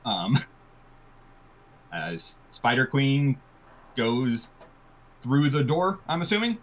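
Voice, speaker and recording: A man running a tabletop game as game master, relaxed and full of ums and uhs, on a muffled lo-fi recording. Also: mid-range voice, slow pace. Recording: muffled lo-fi audio.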